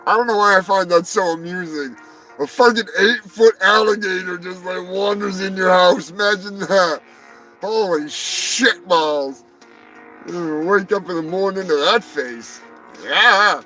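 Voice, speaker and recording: Guy ranting through weird animal news, cussing a lot, high bright voice, faint music behind. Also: moderate pace, poor audio. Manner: rambling, profane, jokey asides; swings between loud outbursts and muttered asides. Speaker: live stream host reading animal news. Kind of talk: profane comedic news rant.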